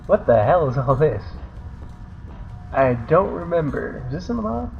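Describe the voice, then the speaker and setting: A man's voice: a little high, sing-song, moderate pace, vocal fry, highs cut off, soft background music. A man casually reacting while playing a video game, muttering and swearing at what he sees. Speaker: let's play gamer. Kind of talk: casual gameplay commentary.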